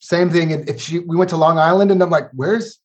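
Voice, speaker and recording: A man's voice: on the high side, flat delivery, fast talker. An American man from Los Angeles, a podcast guest, laid-back and joking, laughing a lot. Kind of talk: casual interview chat.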